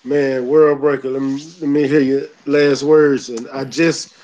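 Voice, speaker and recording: A man's voice: mid-range voice, flat delivery, a little slow, darkish tone, slight background noise, rough recording. A man hosting a casual online boxing panel, calling on each guest for last words in a laid-back way. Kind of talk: casual live stream hosting.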